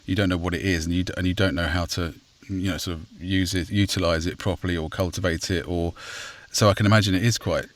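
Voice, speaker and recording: A man's voice: deep voice, fairly even intonation, fast talker. A man hosting a podcast interview, asking questions hesitantly with many fillers and restarts. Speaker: podcast host.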